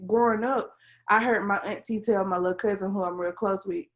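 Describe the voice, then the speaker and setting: A woman's voice: mid-range voice, fairly even intonation, fairly quick. A young adult woman, a civil engineer, speaking as an interview guest, telling her story earnestly with frequent "um" and "like". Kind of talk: casual conversational interview.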